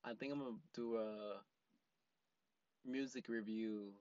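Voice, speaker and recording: A man's voice: fairly low pitch, fairly even intonation, unhurried, darkish tone, dry recording, dull audio. A man hosting a casual solo podcast from a parked car, rambling with lots of fillers and frequent laughs. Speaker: podcast host.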